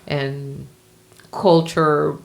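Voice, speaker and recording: A woman from Venezuela, a Spanish professor whose first language is Spanish, speaking with a Venezuelan accent as a podcast guest and talking in an animated, expressive way. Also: low voice, extremely slow, vocal fry. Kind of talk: podcast conversation.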